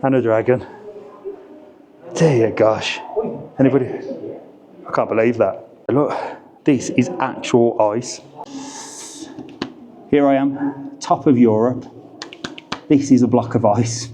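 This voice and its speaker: A man's voice: medium pitch, fairly even intonation, takes it slowly, pauses often, noisy background. A middle-aged man, chatting and joking to a handheld camera in an indoor ice tunnel, a little out of breath. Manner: chatty, jokey, teasing. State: slightly out of breath. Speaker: travel vlogger. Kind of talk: casual vlog talking to camera. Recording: crowd chatter behind the voice. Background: crowd of visitors.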